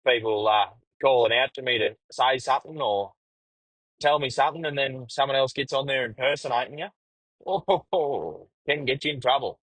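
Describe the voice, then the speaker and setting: A man's voice: mid-range voice, moderate pace, a bit bright, no room sound, rough recording. A middle-aged Australian man hosting a podcast, telling a casual, crude story from his truck-driving days and swearing freely. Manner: crude, swears freely, laid-back yarning. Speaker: podcast host; truck driver.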